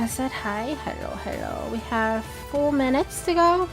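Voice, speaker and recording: A woman's voice: sits high, wildly swooping pitch, unhurried, vocal fry. A woman hosting a live-stream watch party, chatting casually and answering viewer questions aloud. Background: faint background music.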